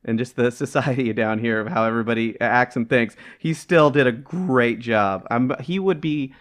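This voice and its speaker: A man's voice: medium pitch, normal speed. Rambling man. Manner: rambling, searching for words with many fillers. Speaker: podcast co-host. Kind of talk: casual chat.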